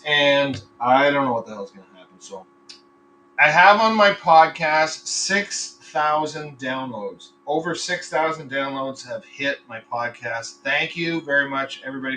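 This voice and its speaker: A man's voice: on the high side, bright, forceful tone, recorded from a distance, a little hiss or hum, rough recording. A man hosting a casual live podcast, rambling between topics, swearing freely and telling crude jokes. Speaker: podcast host. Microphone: computer microphone.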